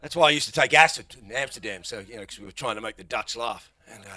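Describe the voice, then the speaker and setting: A middle-aged Australian man with an Australian accent performs a stand-up comedy set. He rambles through his stories in animated fashion and swears freely, in a bright, forceful voice at a middle pitch. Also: fast talker.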